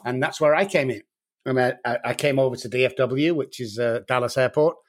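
Middle-aged Mancunian man, frank and earnest interview guest, brisk delivery. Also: medium pitch. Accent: Manchester English. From Manchester, England. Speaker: addiction doctor, guest. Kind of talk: interview answers.

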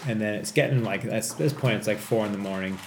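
A man's voice: lowish voice, fast talker. A man tells a story from his own life in a loose, rambling way, swearing freely and bursting out when things get tense. He is recorded in an echoey room, with a faint hiss of noise behind him. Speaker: podcast host telling a story. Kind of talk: casual storytelling.

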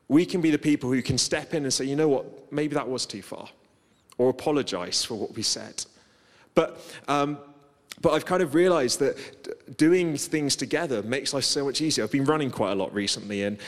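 A man gives a sermon in an easy, conversational tone, mixing in humble stories about himself. His voice sits at an ordinary middle pitch. It carries a long reverb, as if heard in a large church hall. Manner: conversational, self-deprecating storytelling. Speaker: preacher.

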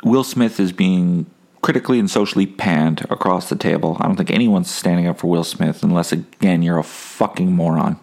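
A man's voice: low-pitched, moderate pace, gravelly, a little mellow. A man hosting a casual solo podcast, rambling and wry, swearing freely. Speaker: podcast host.

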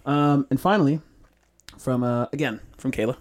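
A man's voice: mid-range voice, normal speed, no echo, clean studio sound. A man co-hosting a casual chat, easygoing and full of filler words. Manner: easygoing, lots of agreeing fillers. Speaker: podcast co-host.

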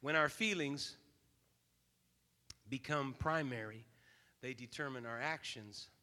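A man in his fifties preaching a sermon as a pastor, telling a story and then building to loud, emphatic preaching. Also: mid-range voice, slow pace. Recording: long reverb of a large hall.

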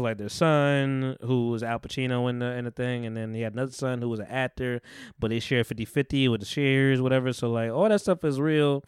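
A man hosting a podcast, retelling a movie in a rambling, animated way with casual swearing. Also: medium pitch, smooth, no echo, studio quality. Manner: rambling, animated retelling with profanity and acted-out quotes. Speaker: podcast host. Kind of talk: casual chat.

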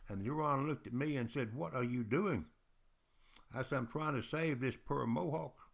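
A man voicing a calm French explorer in a told story, speaking low, quiet and measured. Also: creaky. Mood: hushed.

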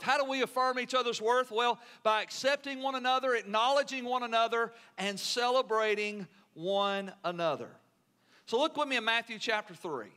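A man's voice: extremely high pitch, moderate pace, pushed and bright. A male pastor preaching a sermon in an earnest, emphatic way, often asking the congregation questions.

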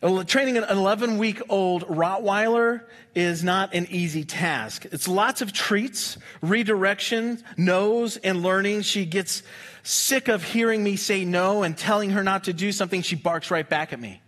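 A man preaching a sermon in a conversational, humorous way, with quick asides to the congregation. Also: sits high, fairly bright tone. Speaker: pastor.

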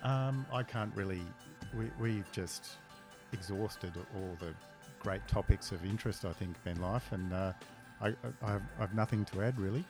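A middle-aged Australian man co-hosting a podcast, laconic and deadpan in casual chat. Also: on the low side, normal speed, music in the background. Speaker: podcast co-host.

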